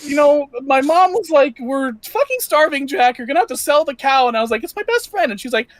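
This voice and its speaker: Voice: high voice, lively intonation, brisk, no echo, voice pushed up. A game master voicing a nervous young man in his twenties who rambles and stammers with anxious energy.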